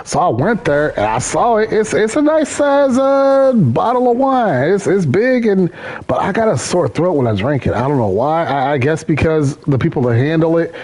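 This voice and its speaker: A man's voice: a little high, big pitch swings, moderate pace, a little mellow. A man hosting a gaming stream, chatting casually and rambling, repeating his words as he goes. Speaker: gaming channel host. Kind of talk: casual chat while gaming.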